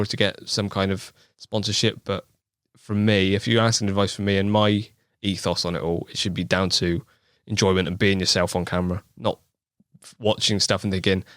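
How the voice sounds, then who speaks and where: A man's voice: low voice, fairly bright tone, no room sound, clean studio sound. A man with a West Country accent, a guest in a casual podcast chat, talking in an easygoing, thoughtful way and laughing often. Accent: West Country English. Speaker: podcast guest, angling video maker.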